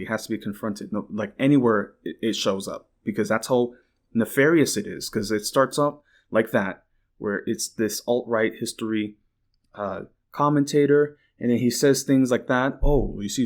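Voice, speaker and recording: A man at a middle pitch, talking off the cuff as a podcast host. He rambles through his points, swears freely and strings them together with constant "like"s. He turns indignant and bursts out in exclaims. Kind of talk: casual political commentary.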